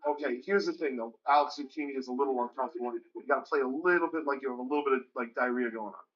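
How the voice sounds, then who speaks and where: A man in energetic prank show banter, laughing and giving directions, in slightly muffled TV audio. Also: medium pitch, racing.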